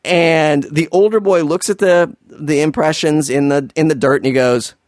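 A man's voice: a little high, steady tone, normal speed, no room sound, studio quality. A man doing a sarcastic, exasperated comedic recap of a film, swearing freely.

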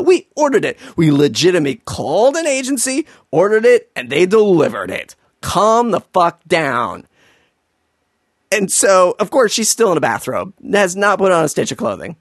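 A man's voice: high-pitched, very animated, moderate pace, no room sound, clean studio sound. A man doing a sarcastic, exasperated comedic recap of a film, swearing freely.

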